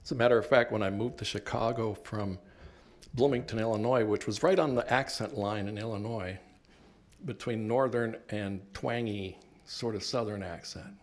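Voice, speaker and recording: An older, Cuban-born professor gives an earnest, reflective lecture about his life and work, adding touches of wry humor. He speaks in a low-leaning voice at a moderate pace.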